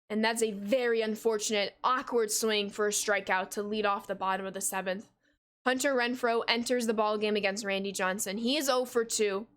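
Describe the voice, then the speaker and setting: A woman in her twenties streaming, giving play-by-play commentary on a baseball game and answering her live chat in an upbeat, casual way. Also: fairly high pitch. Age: 20s. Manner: upbeat, greets viewers with casual "yo".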